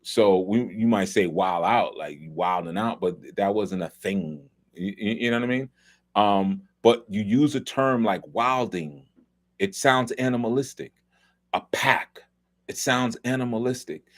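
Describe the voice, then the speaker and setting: A man's voice: on the low side, unhurried. A middle-aged man from New York, hosting a loose, conversational film commentary talk with many asides. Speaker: host.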